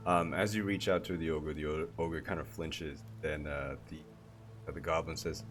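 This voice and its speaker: A man narrating a tabletop game as game master, halting and searching for words. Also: a bass voice, fairly even intonation, fairly bright tone, soft background music. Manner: halting, many fillers and restarts.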